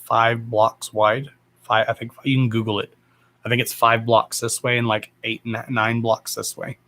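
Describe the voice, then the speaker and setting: A man's voice: lowish voice, fairly bright tone. A man hosting a livestream, talking in a blunt, rambling way and swearing freely. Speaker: psychic medium livestream host. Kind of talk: casual rambling live chat.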